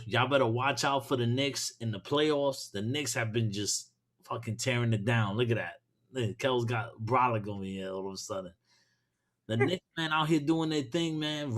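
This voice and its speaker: A man from Brooklyn hosts a podcast with a mid-pitched voice. He talks in loose, profane, excitable bursts and laughs often. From Brooklyn, New York. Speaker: podcast host. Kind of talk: casual chat.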